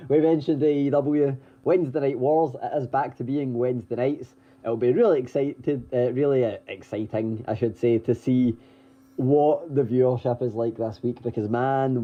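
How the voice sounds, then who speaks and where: A man co-hosting a podcast, running through the week's wrestling news in a chatty way, with lots of ums, restarts and the odd chuckle. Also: medium pitch. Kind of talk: casual news rundown. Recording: dull lo-fi audio.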